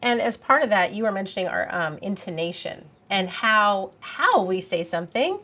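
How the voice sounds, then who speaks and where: A woman's voice: mid-range voice, lively intonation, moderate pace, pushed and bright. A woman who teaches, moderating a panel and asking the other speakers questions. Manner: guides the talk with questions. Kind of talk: panel discussion.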